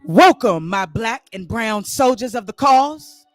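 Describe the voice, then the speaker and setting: A man's voice: high-pitched, animated, slow pace, no echo, faint music behind. Grandstanding male leader rallying a crowd, a man doing him, comic story, dry close sound.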